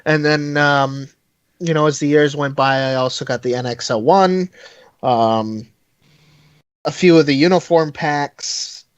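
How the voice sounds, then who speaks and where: A man with a somewhat high voice rambles through a casual chat as a podcast guest, full of fillers, restarts and self-deprecating asides. The sound is dry and a little dull, like lo-fi call audio. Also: a little slow, smooth, dry recording.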